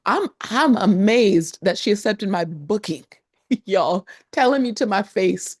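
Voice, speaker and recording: A woman travel vlogger chatting casually to camera, animated and expressive, with frequent laughter and asides. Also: mid-range voice, a little slow, no echo, studio quality. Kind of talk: casual talking-to-camera vlog.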